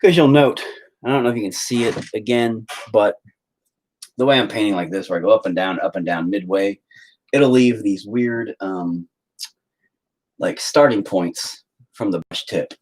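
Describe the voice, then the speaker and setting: With a little mellowness in his voice, a thirties-aged artist streams a painting session from home, joking crudely and often adopting shrill mocking tones. He moves at a moderate pace with long pauses, over poor audio.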